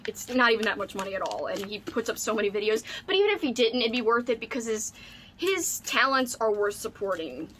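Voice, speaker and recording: A young woman vlogger chats through an unboxing, her voice sitting a little high. She gushes constantly, piling on "like" and "oh my god" as her delight spills over. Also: a bit bright, slight background noise. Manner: gushing, squealing with delight, says "like" and "oh my god" often. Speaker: book vlogger. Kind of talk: excited unboxing chat.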